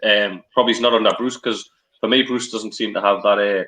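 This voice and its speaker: A man's voice: on the low side, fairly even intonation, brisk, pushed and bright, low-quality recording. A man on a video call, giving rambling, opinionated football talk on a live fan stream. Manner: rambling, opinionated, many restarts. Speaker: co-host on a live match-day fan stream. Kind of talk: casual opinionated football chat.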